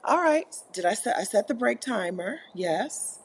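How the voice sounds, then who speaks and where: In the Caribbean, a woman with a fairly high, sing-song voice hosts a live co-working stream at normal speed, some slight background noise behind her. She reads viewers' chat aloud, chatting playfully, laughing often and complaining in jest.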